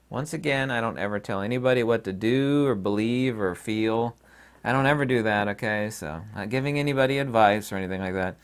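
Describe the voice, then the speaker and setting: A man's voice: medium pitch, animated, a little fast, smooth. A man hosting his own channel, talking in a rambling, opinionated and folksy casual monologue. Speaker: channel host.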